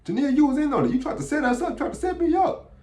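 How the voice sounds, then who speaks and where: A man's voice: very high voice, animated, very fast, darkish tone, pitched above the performer's own voice. A man voicing a petty, spiteful old male boss who mocks and accuses in a raised voice, in an echoey room. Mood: accusing.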